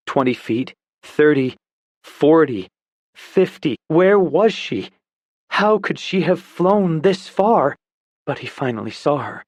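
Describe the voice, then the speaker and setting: A male audiobook narrator reading a dramatic story with intensity, his voice dropping to a hush in the tense moments. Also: on the high side, sing-song, takes it slowly, no room sound, studio quality.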